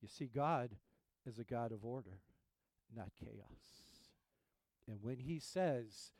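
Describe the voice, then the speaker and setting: A male pastor preaching a sermon in an earnest, emphatic way, trailing off quietly at the ends of phrases. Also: medium pitch, takes it slowly, no room sound.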